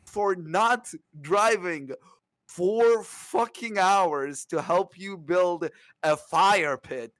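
A man trades easygoing, teasing remarks in casual chat. His voice sits a little high. The sound is dry and close. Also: extremely slow, a bit bright, dry recording. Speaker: podcast co-host. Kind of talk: casual banter.

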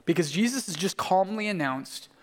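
A man's voice: high-pitched, expressive, moderate pace. A man preaching a sermon, telling the story vividly and acting out the quoted voices. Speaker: pastor. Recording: long hall reverb.

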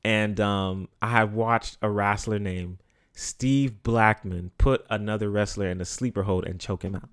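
A man's voice: on the low side, steady tone, unhurried, clear, resonant tone, dry recording. Man, podcast host, casual storytelling, slangy, repeats himself, dry close sound. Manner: loose, slangy, repeats phrases for emphasis.

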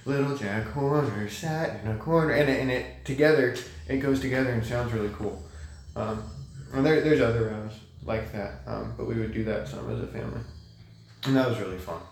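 A young man talking as a guest in a casual conversation, thoughtful and halting, with many fillers and restarts. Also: mid-range voice, gravelly, slight background noise. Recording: echoey room.

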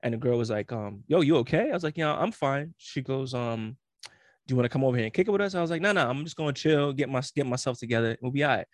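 Brief: young man, mid-pitched, dry close sound, slangy and animated, acts out every quote. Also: fast, no room sound. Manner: slangy, animated storytelling with frequent laughs and acted-out quotes. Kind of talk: casual chat.

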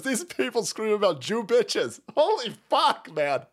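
Brief: male streamer, crude, scornful, laughing rant, very animated intonation. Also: high voice, normal speed, hardly any pauses. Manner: profane, mocking, laughing ranting. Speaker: political commentary streamer. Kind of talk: livestream rant.

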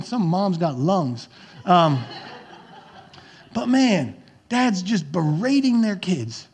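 High-voiced man preaching a sermon. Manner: conversational preaching, acts out yelling parents and coaches. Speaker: pastor.

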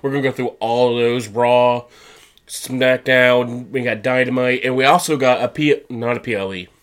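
A man's voice: medium pitch, steady tone. A man co-hosting a casual podcast with a stuffy head cold, recapping the week loosely and mockingly. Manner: casual rambling recap, quick mocking paraphrase of wrestlers. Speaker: podcast co-host.

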